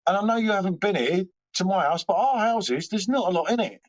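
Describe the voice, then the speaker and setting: A man's voice: sits high, lively intonation, a little fast. A man hosting a live stream from home, rambling and swearing casually as he chats back to viewers' comments. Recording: dull lo-fi stream audio.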